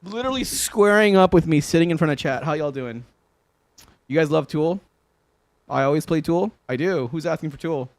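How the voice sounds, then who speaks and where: A man's voice: fairly high pitch, lively intonation, moderate pace, dry recording. Laid-back swearing male guitar streamer. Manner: laid-back, swears often, laughs a lot. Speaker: livestreaming guitarist. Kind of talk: casual livestream chat with viewers. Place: home room.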